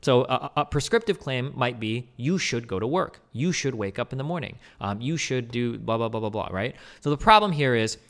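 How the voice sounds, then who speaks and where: Brief: young male streamer, rapid casual commentary, profane, acts out little examples. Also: medium pitch, expressive, a bit bright. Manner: fast, rambling, profane, explains with acted examples.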